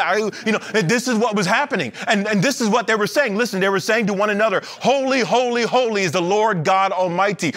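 A man preaching a sermon as pastor in a church, animated, with playful asides and acted-out quotes. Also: high voice. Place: church sanctuary.

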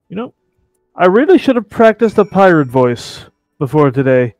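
A man's voice: a little high, big pitch swings, moderate pace, a little mellow, no echo. Sarcastic man doing game commentary. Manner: rambling, playfully sarcastic asides. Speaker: let's play commentator.

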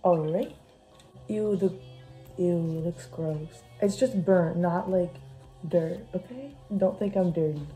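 A woman's voice: fairly low pitch, takes it slowly, warm tone, poor audio. A young woman chatting casually as she vlogs a cooking session at home, scattered and full of "like". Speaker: vlogger. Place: home kitchen. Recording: music playing underneath. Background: background music.

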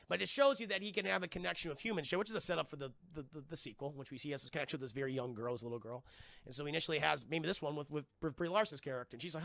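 A man streaming a casual movie review, excitable and profane, often restarting his sentences. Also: on the high side, quick pace, vocal fry, no room sound, clean studio sound. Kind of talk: casual livestream commentary.

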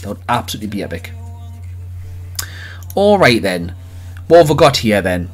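A man hosting a live card-opening stream, chatting excitedly with viewers and calling out their names. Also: fairly low pitch. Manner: excitable, jokey, rapid swings between loud cheers and quiet mutters. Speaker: livestream host opening trading cards.

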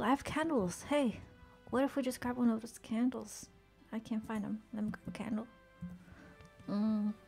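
Woman gamer, somewhat high voice, casual stream chatter, quick to curse, faint game music behind. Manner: swears often, exclaims in frustration; chatty, reads chat aloud and answers it. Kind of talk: casual gameplay commentary.

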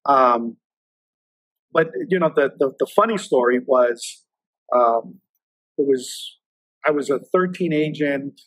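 A man's voice: medium pitch, lively intonation, takes it slowly, long pauses, a bit bright, no echo, rough recording. A man in his fifties, a federal agent guest telling stories casually in an interview, with a loose, filler-heavy way of talking.

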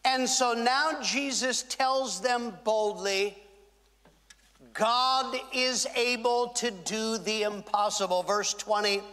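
A man pastor preaching a sermon, with dramatic pauses and acted-out quotes. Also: very high-pitched, steady tone, sharp tone. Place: large church hall. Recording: reverberant church hall.

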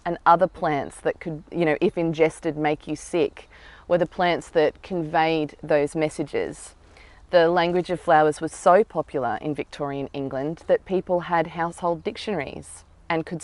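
A woman's voice: low voice, darkish tone, no echo. A woman author, speaking thoughtfully and earnestly outdoors about her novel, with some fillers. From Australia. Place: outdoors in botanical gardens.

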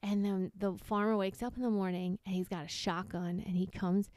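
Podcast co-host, female, rambling storyteller with a smooth voice, dry close sound. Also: mid-range voice, fairly even intonation, normal speed, no echo. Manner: rambling storyteller, acts out characters loudly. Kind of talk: casual chat, telling a long joke.

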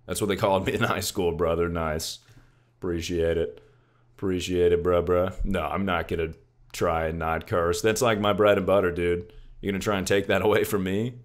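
Deep voiced young guy chilling on stream, says dude and brother a lot, swears constantly. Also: flat delivery, normal speed. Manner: laid-back, joking, swears often, calls chat "dude" and "brother". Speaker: livestreamer. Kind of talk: casual livestream chat.

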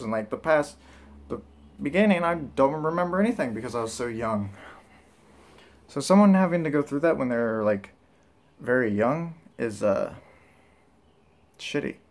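Guy vlogging casually, rambling, lots of likes and ums, regular pitch. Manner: rambling, loose and candid, with many fillers. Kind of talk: casual vlog talk.

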